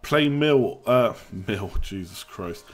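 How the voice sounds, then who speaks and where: A man's voice: on the low side, expressive, slow, faint music behind. A young man hosting a live stream, chatting casually, joking and reading out the chat. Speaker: livestream host.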